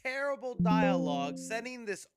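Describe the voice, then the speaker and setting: A man's voice: high voice, sing-song, moderate pace, over loud music. A man giving a sarcastic, joking movie review commentary.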